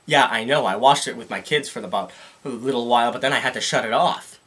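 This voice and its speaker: A man's voice: medium pitch, fast, a bit bright, breathy edge. A man doing a whiny, accusing phone customer. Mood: indignant. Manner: whiny, accusing, repeats the clerk's name. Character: indignant, fussy male customer, a father on the phone.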